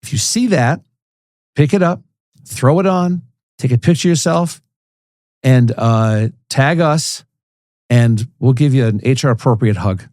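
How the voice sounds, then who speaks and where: A man co-hosting a casual podcast, mostly chiming in with short agreeing responses and talking quickly when he gets going. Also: mid-range voice, darkish tone, dry recording, studio quality. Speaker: podcast co-host.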